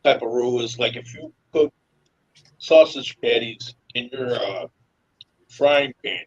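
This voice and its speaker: A man's voice: medium pitch, slow, lo-fi sound. A man co-hosting a casual podcast chat, telling a long, rambling story with lots of restarts. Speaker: podcast co-host.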